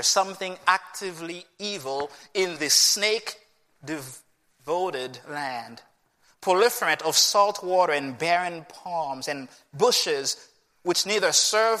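A man's voice: on the high side, lively intonation, takes it slowly, bright, forceful tone, in a large hall. A man preaching a sermon with emphasis, often putting rhetorical questions to his listeners.

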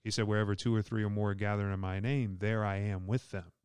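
A Southern man, a pastor, talks through scripture in a relaxed, joking way. His voice sits a bit low and comes across smooth and resonant. The sound is dry and close. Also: quick pace, no echo. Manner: easygoing, joking, laughs often. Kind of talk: casual podcast Bible discussion.

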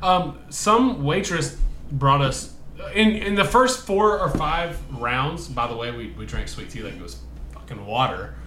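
A man's voice: medium pitch, lively intonation, unhurried, fairly bright tone. Rambling man co-host in an echoey room. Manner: rambling, full of fillers and restarts. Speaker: podcast co-host. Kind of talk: casual podcast chat. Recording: echoey room with faint noise.

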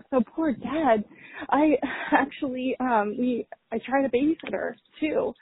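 A woman's voice: high-pitched, slow, slight background noise. A young woman, a mother, leaving a rambling, emotional voicemail rant full of fillers, her voice strained. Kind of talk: tearful venting rant. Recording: tinny phone line.

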